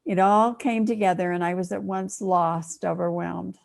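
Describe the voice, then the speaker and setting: A woman's voice: lowish voice, steady tone, moderate pace, vocal fry, darkish tone. Older woman telling a sermon story. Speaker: minister.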